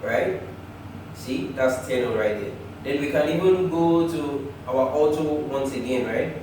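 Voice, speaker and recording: A man teaching choir harmony, talking through the theory and now and then singing short phrases, sometimes in falsetto. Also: measured pace, very echoey, distant mic, background noise. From Nigeria. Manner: talks through theory, often breaks into sung phrases, chuckles. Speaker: music teacher. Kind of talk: choir harmony lesson with sung examples. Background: piano.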